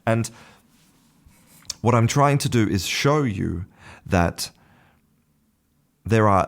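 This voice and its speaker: A man hosting an English-learning podcast, explaining a study in a solo talk and often repeating words while finding his phrasing. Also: lowish voice. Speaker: podcast host and English teacher.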